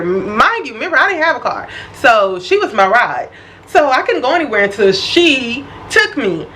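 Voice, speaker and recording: Animated woman telling a story. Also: fairly high pitch, normal speed, a little hiss or hum, rough recording. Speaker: vlogger. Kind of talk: storytime vlog.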